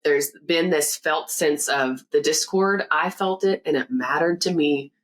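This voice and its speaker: Low-voiced woman counselor, animated. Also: a little slow, rough recording. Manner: animated, acts out quoted voices, laughs often. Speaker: counselor and podcast guest. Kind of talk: conversational interview.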